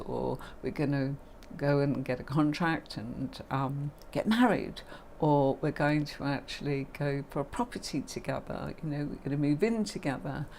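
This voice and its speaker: A woman's voice: deep voice, darkish tone, slight background noise. A middle-aged woman, hosting a livestream and teaching tarot in a chatty, affectionate way. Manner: chatty and affectionate, calls viewers darling and my lovely. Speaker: tarot reader and livestream host.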